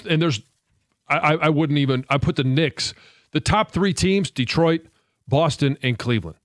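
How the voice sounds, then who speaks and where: Measured sports radio co-host, dry mic. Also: male voice, a little high, no echo. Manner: measured, pushes back, halting restarts. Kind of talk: sports talk radio banter. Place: radio studio. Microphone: studio microphone.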